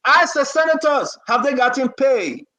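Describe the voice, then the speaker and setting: A man's voice: extremely high pitch, lively intonation, normal speed, bright, forceful tone. A man hosting a talk show, giving fervent political commentary full of pleading and scolding repetitions.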